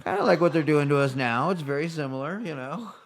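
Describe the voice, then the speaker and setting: A man doing a rambling, profane stand-up rant, mocking and swinging between loud bursts and quiet asides. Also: fairly high pitch, quick pace. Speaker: stand-up comedian.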